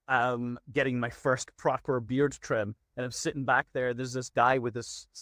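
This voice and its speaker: A man's voice: mid-range voice, level tone, normal speed, fairly bright tone, no echo, clean studio sound. A middle-aged veterinary practice manager, a man, telling stories in a casual interview and acting out his own stern warnings to clients.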